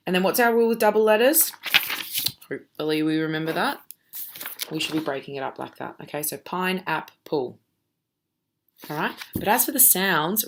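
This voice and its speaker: A woman teaching a recorded phonics lesson for children as a primary school teacher. She sounds out letters slowly and keeps checking in with the class. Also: mid-range voice, bright, forceful tone, a little hiss or hum.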